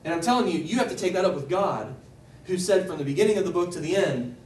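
A man leading a group Bible study, speaking loosely and conversationally, with a voice that rises as he gets excited. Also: high-pitched, quick pace, a little hiss or hum. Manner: enthusiastic, voice rises when excited; loose and conversational, with restarts and asides.

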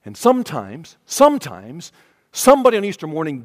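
A male pastor preaching a sermon, acting out a story with voices and swinging between hushed and loud passages. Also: high voice, lively intonation, normal speed, dry recording, clean studio sound, in a large hall.

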